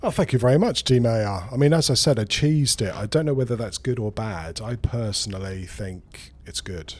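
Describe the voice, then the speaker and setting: A man's voice: medium pitch, normal speed. A man streaming a strategy game who talks through his moves in rambling, casual commentary and swears freely.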